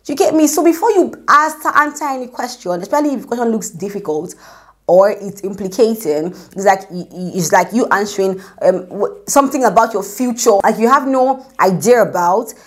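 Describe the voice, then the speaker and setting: A woman's voice: mid-range voice, animated, normal speed. A young woman giving an informal devotional talk. She speaks in a chatty way, often asks "do you get me?", and acts out the voices she quotes. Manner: conversational, repeats "do you get me?"; acts out quotes, drops to a whisper for prayers. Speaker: Christian speaker.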